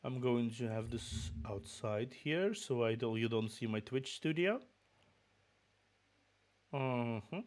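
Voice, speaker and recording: A man speaks slowly and animatedly at medium pitch, pausing often. With a slight Russian accent and a touch of illness, he chats loosely before a book reading on his stream, frequently restarting and muttering asides.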